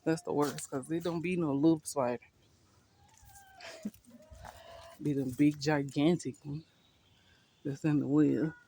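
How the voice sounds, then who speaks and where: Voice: medium pitch, sing-song, slow, long pauses, warm tone, slight background noise. Chatty, slightly winded gardening vlogger. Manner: chatty, laughs often, thinks aloud. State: a bit winded. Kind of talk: casual vlog walk-through. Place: outdoors in a backyard garden.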